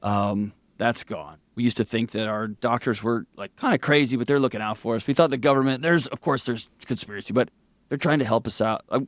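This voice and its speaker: Animated storytelling man, dry close mic. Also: medium pitch, no room sound. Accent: Southern US. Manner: animated storyteller, quick bursts, laughs through anecdotes. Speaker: podcast guest. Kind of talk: candid conversational interview.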